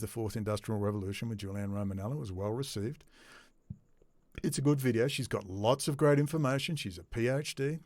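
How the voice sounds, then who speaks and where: A man's voice: mid-range voice, no echo. Sarcastic, ranting man, dry close sound. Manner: sarcastic, swings from muttering to loud mocking outbursts. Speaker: commentary host. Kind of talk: ranting solo commentary.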